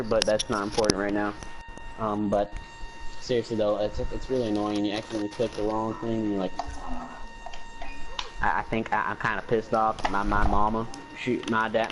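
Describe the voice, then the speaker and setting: A man's voice: on the low side, flat delivery, normal speed, background noise. A man chatting casually in a game review, rambling and joking, often repeating his words. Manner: rambling, jokey, repeats words, mock drawl. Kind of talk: casual chat.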